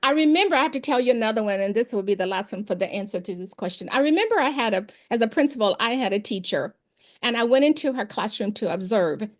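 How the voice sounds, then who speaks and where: Speaking quickly in a voice that's a little high, a former principal and education expert relates classroom anecdotes in an informal interview. She's animated and acts out the dialogue as she goes.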